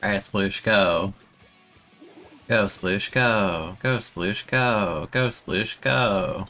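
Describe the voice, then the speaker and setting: Young guy gaming on stream, lowish voice, keeps giggling and tripping over his words, faint game music under him. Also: drawn-out words. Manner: excitable, giggly, self-mocking, stammers and repeats words. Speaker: streamer playing a video game. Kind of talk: casual gameplay commentary.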